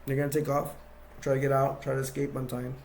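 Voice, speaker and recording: A man's voice: medium pitch, monotone, quick pace, gravelly, a little mellow. A man casually retelling movie scenes scene by scene, rambling and restarting as he goes. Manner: rambling, full of fillers and restarts. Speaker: movie reviewer.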